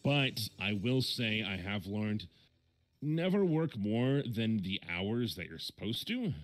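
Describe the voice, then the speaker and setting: A man with a Midwestern American accent chats casually as a stream host. His pitch swings lively up and down as he rambles, restarts and corrects himself, and faint music plays behind him. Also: takes it slowly. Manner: rambling, many fillers and self-corrections. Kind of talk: casual chat.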